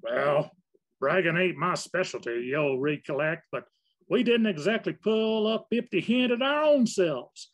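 A man's voice: high voice, expressive, measured pace, pitched above the performer's own voice. A man voicing a boastful old mountain-man fur trapper who talks in a thick backwoods drawl full of rustic slang.

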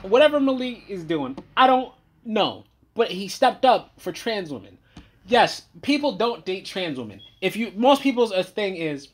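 A man giving a profane reaction rant, heated and swinging between loud outbursts and low muttering. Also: very animated, normal speed. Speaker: commentator.

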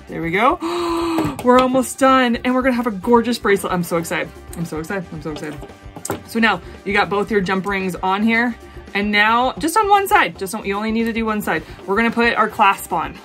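A woman hosting her own jewelry-making tutorial, chatty and bubbly, gushing with excitement as she talks viewers through each step. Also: medium pitch. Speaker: jewelry-making video host. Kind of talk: casual craft tutorial.

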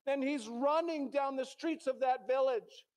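A man's voice: very high voice, unhurried, a little mellow. A male pastor preaching a sermon in a church, telling a story dramatically and acting out the characters' lines.

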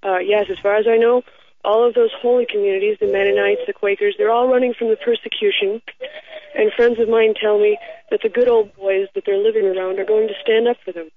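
A woman phones in to a radio talk show for a casual call-in chat, speaking earnestly and a bit preachily over a tinny telephone line. Her voice is mid-range with fairly even intonation and a brisk pace, and there's no echo.

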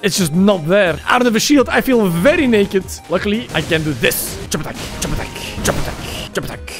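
Excitable young man. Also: sits high, brisk, over music. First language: Dutch. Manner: excitable, crude jokes, sudden yelps and laughs. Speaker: streamer. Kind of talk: casual let's-play commentary.

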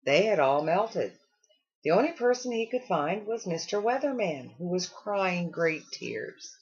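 A woman reading a children's storybook aloud with expressive storytelling. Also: lowish voice, measured pace, slightly rough, dull audio. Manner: expressive storytelling with acted character lines. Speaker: storybook reader.

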